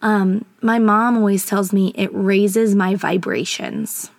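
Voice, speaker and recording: A woman's voice: medium pitch, slow pace, dry recording. Earnest woman podcaster in a dry closet. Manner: earnest, encouraging. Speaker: educator and podcast host. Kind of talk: casual advice podcast. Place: small clothes-filled closet at home.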